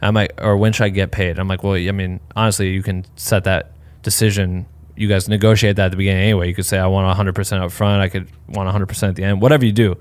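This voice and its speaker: A man's voice: sits low, flat delivery, fast talker. Congested man in casual, profane chat. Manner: candid, profane, rambling with fillers. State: congested, sounds sick.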